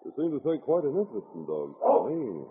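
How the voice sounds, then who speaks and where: An actor playing a calm, fair-minded Mountie sergeant with a steady, authoritative manner, in a 1950s radio drama on a noisy, lo-fi broadcast. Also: male voice, mid-range voice, fairly quick, close to an everyday voice. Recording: lo-fi old radio broadcast with noise.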